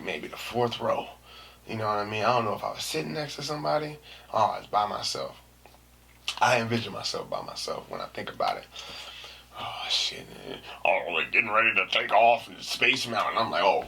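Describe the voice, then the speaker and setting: A man with a lowish, creaky voice hosts his own podcast, telling a story with animated, slangy energy. He acts out what people said and throws in screams. Slight background noise can be heard.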